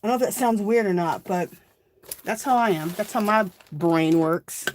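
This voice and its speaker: A woman's voice: medium pitch, moderate pace, darkish tone, slight background noise. Chatty woman hosting a craft livestream. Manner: chatty, rambling, thinks aloud while working. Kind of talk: casual crafting livestream chat. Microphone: phone.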